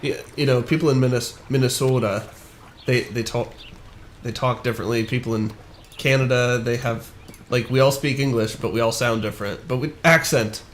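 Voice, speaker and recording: A man's voice: medium pitch, moderate pace, a little hiss or hum. A young man from the northern United States chatting casually with viewers while streaming a game, rambling and laughing at himself as he answers chat.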